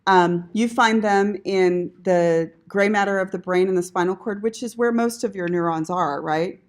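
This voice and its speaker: A woman's voice: mid-range voice, moderate pace. A woman teaching an anatomy class in a classroom, casual and chatty, often checking in with the students and swearing mildly. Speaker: anatomy instructor. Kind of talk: classroom lecture.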